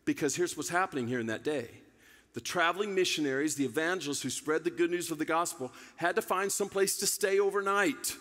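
Bright-voiced pastor preaching with humor. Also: male voice, a little high, fairly quick, long reverb tail. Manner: playful, self-teasing, repeats phrases. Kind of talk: sermon. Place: church sanctuary.

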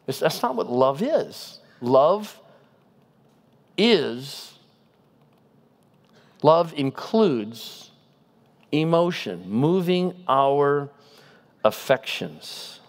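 A man giving a guest sermon in a conversational style, animated and asking the congregation rhetorical questions. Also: on the high side. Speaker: guest preacher.

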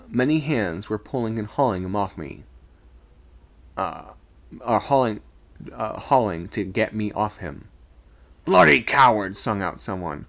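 A man reading a spooky story aloud on a live stream, raising his voice for the shouted lines. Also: lowish voice, creaky.

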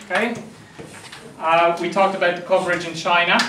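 A man's voice: high-pitched, level tone, normal speed, bright, forceful tone, a little hiss or hum. A man with an Irish accent lecturing a class in a jokey way, often checking that students understand. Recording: echoey room, mic from far off.

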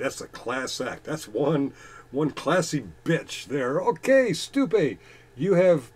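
A man with a middle-pitched voice reads chat comments aloud on his channel. He mocks commenters with profanity and laughs often. His delivery swings between loud excited bursts and low muttered asides. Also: husky. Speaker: YouTuber reading chat.

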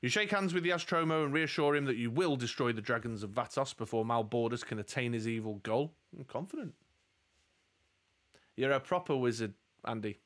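As game master in a live play, a man with a mid-range voice reads a fantasy gamebook aloud at a fairly quick pace. His storytelling stays steady, sprinkled with jokey asides.

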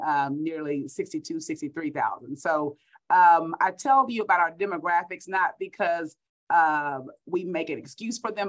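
A woman's voice: fairly low pitch, poor audio. A middle-aged woman from Texas with a Texan accent, a school superintendent giving an upbeat keynote speech over a video call, repeating words for emphasis.

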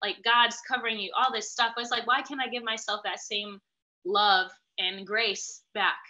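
A woman's voice: medium pitch, level tone, normal speed, bright, forceful tone, dull audio. A woman from the US, speaking as an interview guest, reflective and candid. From USA. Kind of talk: interview conversation.

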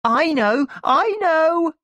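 A storybook reader voicing an excited little sister, shouting eagerly in a very high voice. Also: drawn-out words, dry recording, heavily acted.

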